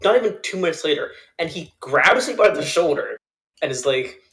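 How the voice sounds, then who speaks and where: A man's voice: on the high side, sing-song, a little fast, fairly bright tone. A young man, a podcast co-host, tells a funny story in casual chat, laughing often and acting out the people he quotes.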